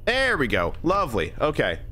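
Male streamer, Californian accent, very lively swooping pitch, rambling and incredulous, keeps repeating words. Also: moderate pace. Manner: rambling, restarts and stammers. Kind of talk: live gameplay commentary.

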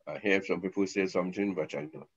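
A man voicing a frightened dead person in the grave, crying out in a high pleading voice, on a dull lo-fi recording. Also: fast talker. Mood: bewildered.

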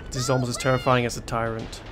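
A man's voice: medium pitch, level tone, fast talker, music in the background. A man giving let's play commentary, panicking, swearing and joking to himself. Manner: panicky, swearing, jokey self-talk. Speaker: game streamer.

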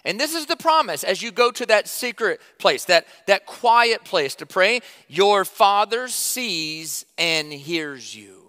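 A man preaching a sermon to his church, conversational and emphatic, with sudden loud stresses and quiet drops. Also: high-pitched, very animated, slow pace, few pauses, long reverb tail. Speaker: pastor.

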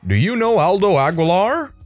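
A man's voice: sits high, big pitch swings, moderate pace, faint music behind, voice pushed up. A man doing a pushy call-center debt collector. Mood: dogged. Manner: repetitive, scripted phone politeness.

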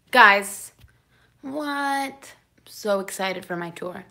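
A young woman chatting excitedly on a live stream, dropping into whispers now and then. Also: medium pitch, takes it slowly, creaky, long pauses. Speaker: singer doing a live Q&A stream. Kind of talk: casual live-stream chat.

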